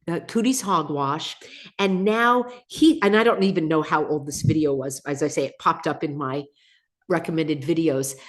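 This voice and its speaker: Chatty woman host reading viewer comments. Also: medium pitch. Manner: chatty, laughs often, reads viewer comments aloud. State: slightly under the weather. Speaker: channel host. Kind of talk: casual live-stream chat.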